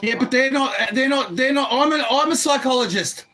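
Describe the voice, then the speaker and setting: Agitated man with a very high voice. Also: fairly quick, crowd noise. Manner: agitated, pleading, swearing, bursts of shouting. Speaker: resident confronting police at his door. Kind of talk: heated argument. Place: indoors behind a closed door. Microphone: phone recording.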